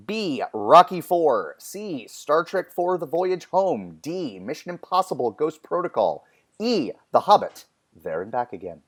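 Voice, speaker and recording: A man co-hosting a podcast in casual movie chat, measured and agreeable, reading out quiz choices. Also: on the high side, sing-song. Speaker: podcast co-host.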